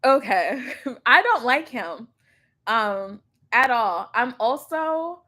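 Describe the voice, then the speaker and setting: A woman's voice: a little high, expressive, slow, bright, forceful tone. A young woman, streaming a casual chat on her laptop. She rambles, laughs often and swears casually. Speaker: livestream reaction host.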